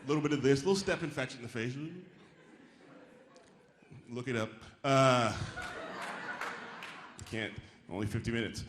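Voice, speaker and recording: A man performing a stand-up comedy set on stage, animated and acting out the voices of the people in his stories. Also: mid-range voice, unhurried, long pauses, echoey room, noisy background. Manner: animated, acts out quoted voices. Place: theater stage before a live audience.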